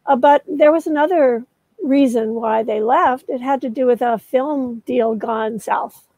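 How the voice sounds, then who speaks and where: High-voiced older woman telling a story. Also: a little slow, a little mellow, no room sound, poor audio. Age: 70s. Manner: detailed storyteller, many "uh" fillers. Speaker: guest author. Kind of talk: storytelling in a conversation.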